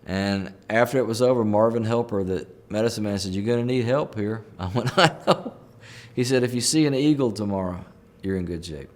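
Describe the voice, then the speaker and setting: A middle-aged man telling stories in a relaxed, folksy way, chuckling now and then. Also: lowish voice. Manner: folksy, chuckling, unhurried anecdotes. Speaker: country musician telling a story. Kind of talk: relaxed storytelling in an interview.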